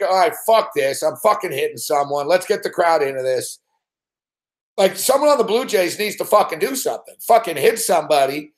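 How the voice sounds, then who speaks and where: A man's voice: high voice, echoey room. A man ranting and swearing constantly as host of a live sports betting show. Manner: swears constantly, rants in frustrated outbursts. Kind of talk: profane live-stream rant.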